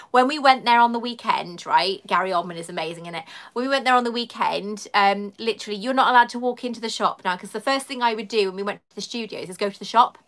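Reading viewer comments aloud and chatting in a rambling way, a woman hosts a casual live stream from her home. She comes from the London area and has a southern English accent. Her voice is medium-pitched with a fairly bright tone.

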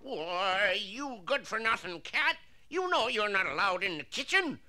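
A man's voice: sits high, big pitch swings, a little slow, bright, forceful tone, slight background noise, voice pushed down, heavily acted. A man voicing a grumpy old farm owner who scolds and bosses a cat, on a vintage storybook record. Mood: scolding. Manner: scolding, bossy.

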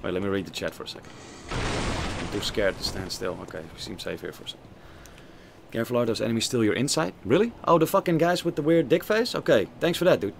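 A young man streaming a video game, swearing, joking and reacting loudly as he plays and reads the chat. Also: medium pitch, lively intonation, quick pace, gravelly, slight background noise. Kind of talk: casual gaming stream commentary.

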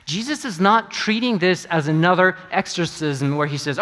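A middle-aged man preaching a sermon as pastor, earnest and halting, often repeating his words. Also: sits high, animated, fairly bright tone. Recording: long reverb of a church hall.

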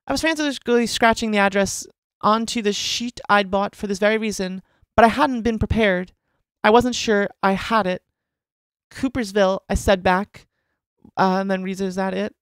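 A woman in a casual editing session, reading a story aloud and thinking out loud about its flaws with many restarts and asides. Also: mid-range voice, moderate pace, smooth, no room sound. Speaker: story editor critiquing a submitted story.

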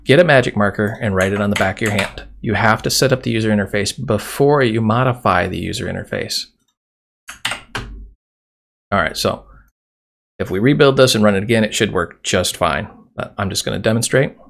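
Gravelly low-voiced man teaching code. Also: a little fast, fairly bright tone, slight background noise. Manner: casual, chatty explaining while typing. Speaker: programming tutorial host. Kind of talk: screen-recorded coding tutorial. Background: keyboard typing and mouse clicks.

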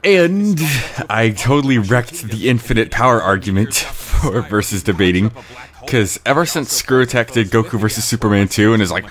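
A man giving rambling casual commentary on his own video, clearing his throat with a cold. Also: on the low side, expressive, normal speed. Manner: rambling, frequent fillers and restarts. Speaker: creator giving episode commentary.

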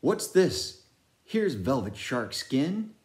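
A high crazed cabin boy. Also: big pitch swings, slow, darkish tone. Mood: tender. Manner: high, singsong, frantic crying out. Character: young boy cabin hand, crazed and fearful.

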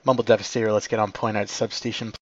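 A man commanding his team in an online game, giving brisk, polite tactical callouts and quick corrections. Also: fairly low pitch, flat delivery, no echo. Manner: brisk, polite, slightly apologetic. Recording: dull lo-fi mic capture.

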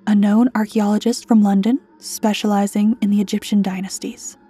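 A woman voicing a stern female mission briefer who speaks in a low, monotone drawl. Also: moderate pace, husky, soft background music, close to an everyday voice. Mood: deadpan.

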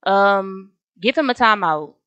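A woman's voice: mid-range voice, animated, slow, sharp tone, no echo, muffled recording. Chatty young woman narrating her gameplay. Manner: chatty, slangy, addresses viewers as y'all. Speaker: gaming video host. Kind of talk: casual gameplay commentary.

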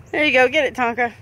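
By an outdoor pool, a woman films her dog on a handheld phone, coaxing it with laughter in a casual, sing-song chat. Her voice is high-pitched with a sharp tone.

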